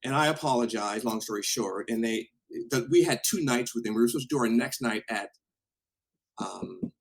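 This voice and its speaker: A man from Washington State, a podcast guest, telling an animated story in a casual way with laughs and swearing. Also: medium pitch, moderate pace, creaky, husky, rough recording. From Washington State, USA.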